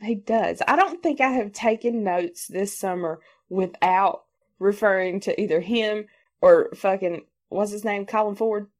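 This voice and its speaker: A woman's voice: medium pitch, a little slow. A woman in her thirties co-hosting a casual podcast, swearing freely, laughing often and acting out quoted voices. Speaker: podcast co-host. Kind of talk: casual chat.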